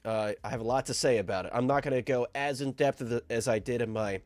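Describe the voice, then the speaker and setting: Man, live stream host, nasal and congested, sick, upbeat shout-outs, dry close sound. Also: mid-range voice, quick pace, no echo. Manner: upbeat, shouting out chat viewers.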